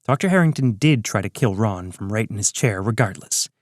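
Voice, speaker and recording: A man reading scripted narration of a serial story in a steady storytelling manner. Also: lowish voice, brisk, dry recording, studio quality.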